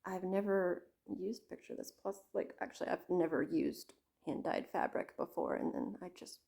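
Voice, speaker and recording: A woman's voice: fairly low pitch, big pitch swings, normal speed, vocal fry, mellow. A middle-aged woman from Canada chatting casually to camera about her craft projects, rambling with lots of fillers, asides and self-interruptions. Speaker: craft vlogger.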